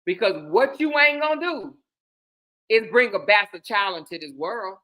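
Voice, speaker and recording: A woman voicing a stern but calm father who gives firm, measured commands. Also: medium pitch.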